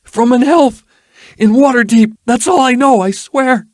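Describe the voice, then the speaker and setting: A cowardly ruffian in a fantasy audiobook, shrieking high and loud as he begs for his life. The voice is shrill, desperate and pleading, and the recording is close and dry. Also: lively intonation, moderate pace, no room sound. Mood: panicked pleading. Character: panicked cowardly male ruffian, terrified.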